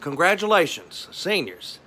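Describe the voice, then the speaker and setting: A man's voice: sits high, very animated, a little slow, bright, forceful tone. A television meteorologist with a Southern drawl gives a folksy, joking video message from his home garage.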